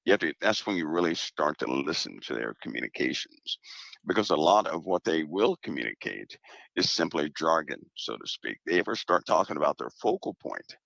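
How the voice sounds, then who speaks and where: A man speaking as a guest in a casual conversation, measured and emphatic, often repeating his point. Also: very deep voice, big pitch swings, gravelly, a bit bright, no echo, lo-fi sound.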